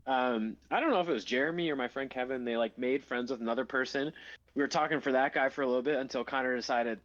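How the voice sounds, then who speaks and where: A man telling a story in a casual podcast chat, laughing often, swearing and jumping up in pitch when he quotes others. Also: fast talker, a bit bright, dull audio. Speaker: podcast co-host.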